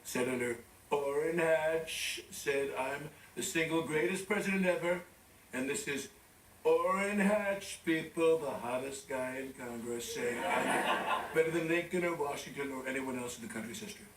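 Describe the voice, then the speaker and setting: A man's voice: fairly high pitch, moderate pace, far from the mic, background noise, natural voice. A man playing a boastful, rambling male president who is out of breath, in a sketch comedy impression. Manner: pompous, self-praising, rambling asides. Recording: roomy studio, from off mic, loud audience laughter.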